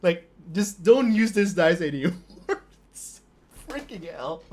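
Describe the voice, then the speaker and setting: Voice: medium pitch, big pitch swings, slow pace, long pauses, a little mellow. A stream host commentating a tabletop wargame live, laughing constantly and swearing in disbelief at the dice rolls.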